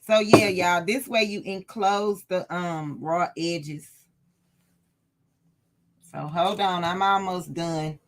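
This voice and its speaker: A woman's voice: fairly low pitch, steady tone, slow pace, pauses often, slight background noise. A woman hosting a casual livestream sewing lesson, chatty and laughing often as she talks to her live chat. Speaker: sewing tutorial host.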